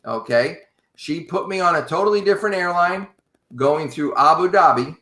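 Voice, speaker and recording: A man casually telling a long travel story to a podcast host in an animated, wry way. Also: fairly high pitch, moderate pace. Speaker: podcast guest. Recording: roomy echo.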